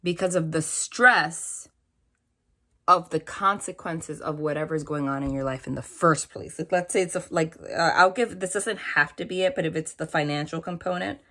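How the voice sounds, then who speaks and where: Low-pitched yet bright, with a forceful tone, a tarot reader talks at normal speed during a spiritual reading to camera covering tarot and angel messages. She chats in a reassuring way and uses many fillers like "like" and "right?".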